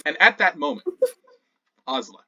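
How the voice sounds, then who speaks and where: A man narrating as game master of a tabletop game, dramatic, moving between loud and hushed. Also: fairly high pitch, animated, normal speed, vocal fry, recorded from a distance, lo-fi sound.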